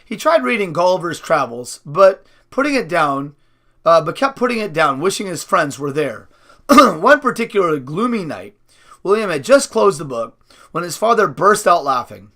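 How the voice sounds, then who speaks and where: A man's voice: high-pitched, big pitch swings, normal speed, pushed and bright. A man reading a novel aloud in an unpolished way, with slips and restarts. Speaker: audiobook reader.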